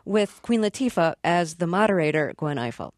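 A woman's voice: on the low side, expressive, moderate pace, darkish tone, no room sound, clean studio sound. A woman radio interviewer asking her guest curious, probing questions.

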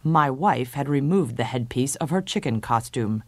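A woman reading a story in a measured way. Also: rumbling low, animated, no echo. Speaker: story reader.

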